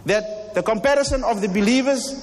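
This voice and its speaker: A man's voice: very high-pitched, fairly quick, in a large hall. A man giving a fervent sermon as imam, repeating lines and firing rhetorical questions. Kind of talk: impassioned sermon. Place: mosque hall.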